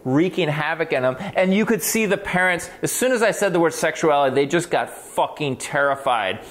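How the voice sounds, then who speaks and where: A male clinician with a somewhat high voice tells a case story in a loose, conversational way. He is animated, swears freely and often breaks off to restart his sentences. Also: fairly quick. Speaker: clinician on a talk show.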